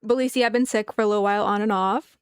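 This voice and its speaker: A woman's voice: mid-range voice, steady tone, rapid-fire, clean tone, dry recording. A woman co-hosting a livestream in casual chat, making dry, wry remarks and reading donations aloud. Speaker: livestream co-host.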